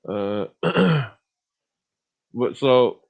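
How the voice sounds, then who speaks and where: A man's voice: mid-range voice, lively intonation, extremely slow, vocal fry, poor audio. Profane rambling man, podcast host. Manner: profane, meandering, laughs at own stories. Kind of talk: rambling casual monologue.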